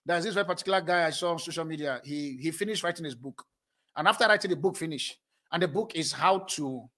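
High husky-voiced male preacher. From moved to South Africa as an adult. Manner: animated preaching, often laughing mid-sentence. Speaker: pastor. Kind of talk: sermon.

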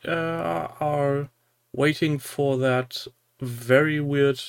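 A man co-hosting a podcast in casual chat, speaking hesitantly with frequent pauses. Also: fairly high pitch, steady tone, vocal fry, smooth. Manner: slow and hesitant, many "uh" fillers. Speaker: podcast co-host.

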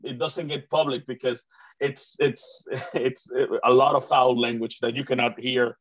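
A man from Mexico hosts a casual interview show. He talks in long, excited runs, with lots of restarts. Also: mid-range voice, measured pace. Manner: rambling, many fillers and restarts, enthusiastic. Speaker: host and comedian. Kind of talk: casual chat. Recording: dull, muffled recording.

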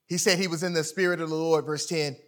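A man preaching a sermon in an emphatic, conversational way, swinging from loud to quiet. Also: a little high, fairly even intonation, fast talker. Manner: conversational, illustrates with sports stories.

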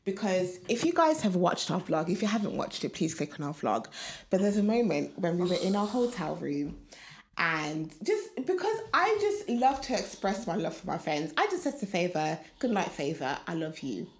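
A woman in her twenties co-hosting a podcast, talking in an expressive, emphatic and dramatic way. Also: lowish voice, normal speed, slight background noise. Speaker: podcast co-host. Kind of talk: casual chat. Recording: echoey room.

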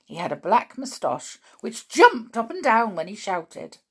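A woman storyteller reading a children's book chapter aloud and chatting about it afterward in an animated way. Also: on the high side, a little slow, slightly rough. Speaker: podcast storyteller.

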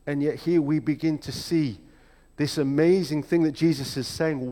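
A man's voice: fairly high pitch, steady tone, mellow. Man preaching a sermon in a reverberant hall. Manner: reflective, measured preaching with emphatic rhetorical questions. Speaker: pastor.

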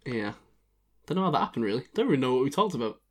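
A man's voice: mid-range voice, very animated, racing, husky. A man hosting a podcast, chatting loosely and laughing often. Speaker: podcast host. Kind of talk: casual chat.

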